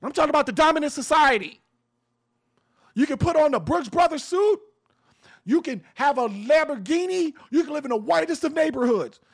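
A man's voice: very high-pitched, expressive, normal speed, creaky. A man hosting an opinion radio show, talking bluntly and emphatically, with swearing and preaching. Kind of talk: fiery opinion talk.

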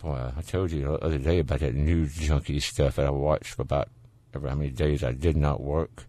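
A man with a very low voice and a Southern US drawl hosts a call-in radio show. He keeps it folksy and laid-back, chatting with callers. The sound is close and dry, with no room around it. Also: steady tone, a little fast, mellow, dry recording. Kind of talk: casual call-in radio chat.

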